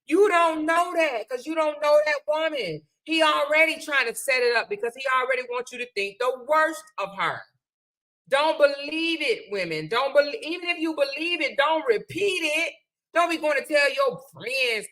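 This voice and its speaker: A woman's voice: high voice, expressive, a little slow, sharp tone. A middle-aged woman hosts a live stream, giving sassy, preachy advice and calling her viewers honey and child. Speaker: livestream host. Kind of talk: casual live-stream chat.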